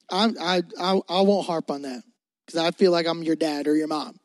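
A young man preaching a sermon to a youth congregation, animated and emphatic, repeating phrases for stress. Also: a little high, normal speed, dry recording. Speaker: youth pastor.

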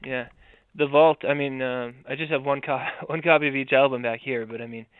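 A man being interviewed as a guest about his songs, talking in a laid-back, halting, amused way. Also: medium pitch, steady tone, smooth, no room sound, phone-quality sound. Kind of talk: casual interview over a call.

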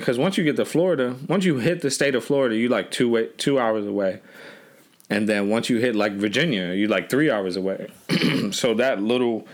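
A man casually telling a road trip story on a podcast, loose and profane, with lots of restarts. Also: lowish voice.

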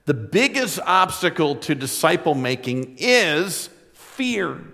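A man's voice: fairly high pitch, a bit bright. Earnest male pastor in a big church hall. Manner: direct, earnest, conversational preaching. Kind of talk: sermon.

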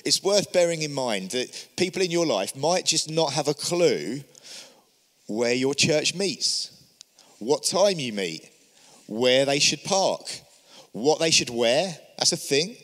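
A church leader with a fairly high, sing-song voice gives an encouraging teaching talk at a slow pace. His tone is a bit bright, he speaks earnestly and asks many rhetorical questions, and a long reverb tail trails his words.

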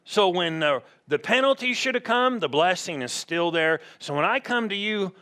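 Man, middle-aged, pastor, sermon, slightly high voice, animated, acts out voices. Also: normal speed, hardly any pauses. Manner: animated, acts out little voices to make points.

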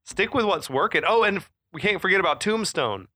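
Bright-voiced man in a casual movie chat. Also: high voice, animated, brisk, dry recording. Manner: chatty, laughs easily, lots of fillers. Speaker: podcast co-host.

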